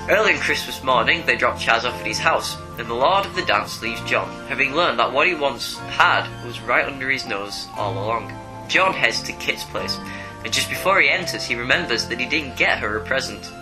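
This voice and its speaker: A man co-hosting a comics podcast, giving a steady, plain recap of a story and then chatting. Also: mid-range voice, moderate pace, music in the background, poor audio. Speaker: podcast co-host. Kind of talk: summarizing a comic story, then casual chat.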